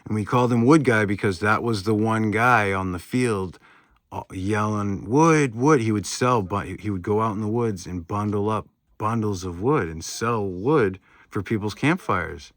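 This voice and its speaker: A man with a lowish voice tells a long personal story in a loose, rambling way. He swears freely and leans on fillers as he goes. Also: normal speed, fairly bright tone, no echo. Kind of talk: casual storytelling.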